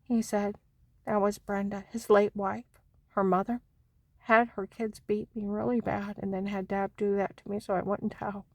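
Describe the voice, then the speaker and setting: A woman talking in an anxious, rambling personal monologue, swinging between hushed whispers and loud outbursts. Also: medium pitch, little pitch movement, normal speed, dry recording. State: anxious and on edge. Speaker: vlogger.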